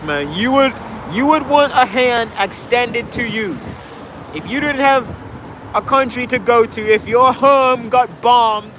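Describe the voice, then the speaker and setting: Fired-up street-corner speaker. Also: male voice, high voice, a bit bright, slight background noise. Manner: heated, rhetorical, challenging the crowd. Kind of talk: impassioned street debate speech. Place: outdoors in a city park.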